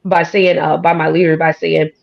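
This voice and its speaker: Country twang lady, kinda gravelly voice, folksy and emphatic, muffled lo-fi sound. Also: deep voice, flat delivery, moderate pace. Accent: American country twang. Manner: folksy, emphatic, talks with a drawl. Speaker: guest. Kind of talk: casual conversation. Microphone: studio or podcast mic.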